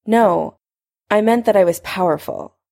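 A woman's voice: medium pitch, a little slow, creaky, warm tone. A woman voicing a young male wizard who speaks in a wary, blunt way. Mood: guarded.

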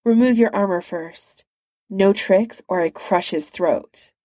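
A woman's voice: mid-range voice, mellow, no echo, studio quality, natural voice. A woman doing a cold, haughty armored tyrant. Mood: disdainful. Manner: slow, clipped, commanding.

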